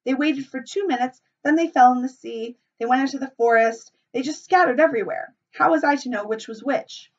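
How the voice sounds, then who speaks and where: Woman voicing an indignant chubby schoolboy, whiny, pleading, raised pitch, dull recording. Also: normal speed. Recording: muffled, from a distance.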